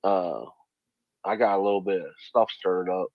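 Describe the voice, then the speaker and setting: Low-voiced podcast guy, chill chat, kinda muffled and dry. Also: moderate pace, dry recording. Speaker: podcast host. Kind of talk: casual chat. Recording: slightly dull sound.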